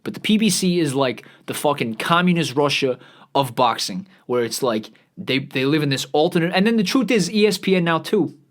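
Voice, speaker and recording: A man with a slightly higher-pitched voice rants casually for his vlog. His talk is profane, sarcastic and rambling, full of restarts and asides. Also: lively intonation, brisk. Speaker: vlog host. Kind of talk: casual ranting commentary while scrolling social media.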